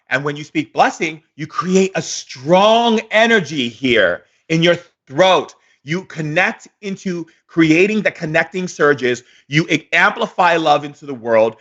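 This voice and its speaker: Emphatic, bright-voiced male spiritual teacher. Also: fairly high pitch, expressive, measured pace, muffled recording. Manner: emphatic, repetitive, preacher-like delivery; emotional, effusive. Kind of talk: motivational spiritual talk.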